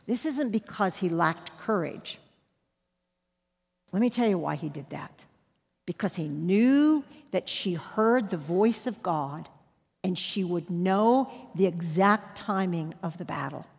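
A woman with a husky, slightly breathy voice preaches, shifting between quiet, measured points and bursts of emphasis. Her voice carries a long reverb, as if filling a large hall. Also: lowish voice, expressive. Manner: emphatic storytelling with sudden loud rises. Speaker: Bible teacher. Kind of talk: sermon with personal story.

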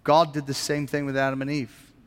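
A man's voice: medium pitch, monotone, fairly quick, clear, resonant tone, long reverb tail. A man preaching a sermon as a pastor, earnest and posing rhetorical questions to his congregation in a church.

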